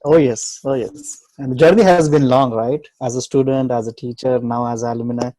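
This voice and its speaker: A man's voice: medium pitch, fairly even intonation, moderate pace, a crowd in the background, low-quality recording. A man joining a webinar as an alumnus guest, chatting politely and laughing easily on a video call. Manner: warm, easy laughter, polite. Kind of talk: casual chat on a video call.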